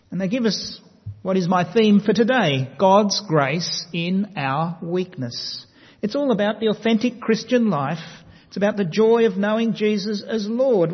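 A man preaching a sermon, measured and emphatic, slowing down to stress key words. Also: high-pitched, husky. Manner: measured, emphatic delivery with slow stressed phrases. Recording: long reverb, dull lo-fi sound.

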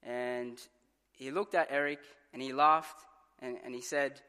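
Male preacher, bright and forceful, storytelling sermon, long church reverb. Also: medium pitch, fairly even intonation, measured pace, smooth. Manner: earnest storytelling with dramatized quotes. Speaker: pastor.

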